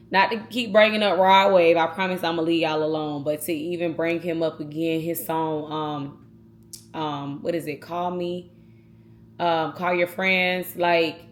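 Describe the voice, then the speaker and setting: A woman talking casually and earnestly to her viewers in a vlog, speaking straight to them. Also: fairly low pitch. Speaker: vlogger.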